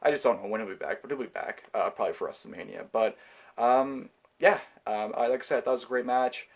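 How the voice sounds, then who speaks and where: A man giving a casual, heated review of a wrestling show, swearing often and filling pauses with ums. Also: mid-range voice, vocal fry. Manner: profane, heated ranting; frequent filler words and restarts. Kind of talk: casual pay-per-view review.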